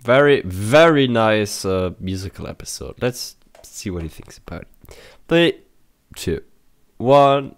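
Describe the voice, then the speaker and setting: A man's voice: on the low side, very animated, measured pace. A man giving casual reaction commentary in short asides, laughing often. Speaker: reaction video host.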